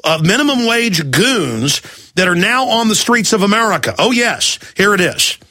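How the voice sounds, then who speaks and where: A man's voice: high voice, sing-song, bright, forceful tone. A man hosting a talk radio show, ranting angrily and firing off rhetorical questions. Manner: angry, ranting, rapid-fire rhetorical questions. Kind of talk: heated talk radio rant.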